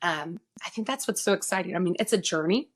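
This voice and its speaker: A woman with a somewhat low voice talks as a guest in a casual podcast conversation. She sounds earnest and reflective. She often stops with "um" while she works out what she means. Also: expressive. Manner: earnest, reflective, pauses with frequent "um". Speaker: guest, insurance agency owner.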